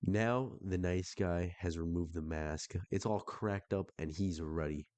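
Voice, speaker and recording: A man's voice: low voice, a little slow, darkish tone, dry recording. A man doing comedic reaction commentary while reading texts aloud, sarcastic and profane.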